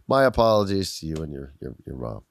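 A man's voice: very deep voice, sing-song, fairly quick, no room sound, clean studio sound. A man co-hosting a podcast, chatting in a rambling, apologetic way over a video call, swearing and laughing often. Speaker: podcast co-host. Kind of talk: casual chat. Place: Los Angeles, recording over video call.

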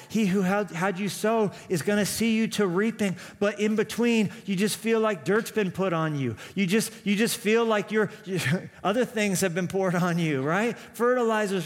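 A man's voice: sits high, moderate pace. A man preaching a sermon as pastor, talking in a conversational way and repeating his key phrases. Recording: reverberant hall.

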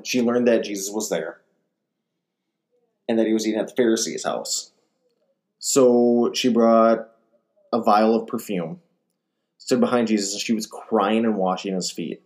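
A man giving a conversational sermon, retelling gospel stories in a casual way and acting out the quotes. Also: lowish voice. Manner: animated, acts out quotes, casual fillers. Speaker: ministry speaker.

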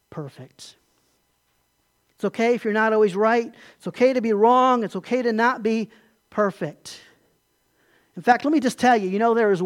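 A man delivering an emphatic sermon as a pastor, often asking his listeners questions. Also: sits high. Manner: emphatic, asks the congregation questions.

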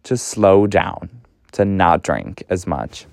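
A young man hosting a podcast, telling a story casually in an animated, gossipy way, swearing a lot and often jumping up in pitch. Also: takes it slowly, gravelly, no room sound. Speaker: podcast host.

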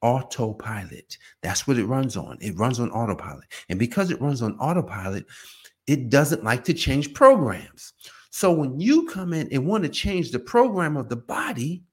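A man hosts his own podcast and gives an emphatic motivational talk. His slightly husky voice swings widely in pitch as he pushes each point. He repeats key phrases and often restarts mid-sentence. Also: very animated, normal speed. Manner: emphatic and repetitive, with frequent restarts; self-described emotional. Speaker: podcast host.

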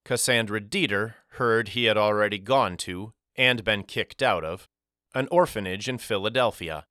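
A man reading a novel aloud as a narrator, in a measured, reflective storytelling manner. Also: lowish voice, sharp tone, dry recording, clean studio sound. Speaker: audiobook narrator. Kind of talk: scripted first-person narration.

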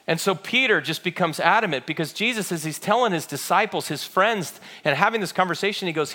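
A man preaching a sermon as a pastor, telling the story dramatically, moving between loud, quick passages and hushed, slow ones. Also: high-pitched.

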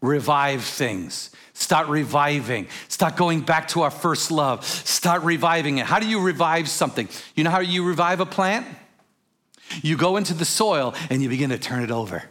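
A man delivering a passionate sermon as pastor, his voice sitting a little on the high side. He drops to soft, intimate tones and then bursts into shouted exclamations. Between the peaks he slips into relaxed, conversational storytelling. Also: moderate pace. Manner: passionate preaching, swings from hushed to shouted exclamations.

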